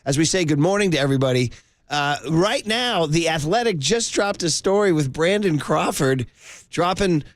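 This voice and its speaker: A man hosting a morning sports radio talk show in a studio, excitable and sing-song, his voice cracking from yelling. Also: on the high side, normal speed, no room sound.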